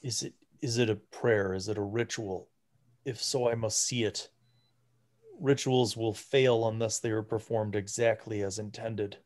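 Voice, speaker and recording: A withered old priest, skin over bones, speaking softly with a low, unhurried voice, as a man puts him on. He sounds worn out and solemn. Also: fairly even intonation, close to an everyday voice. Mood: earnest. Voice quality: soft and quiet. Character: frail atrophied old male priest, pleading.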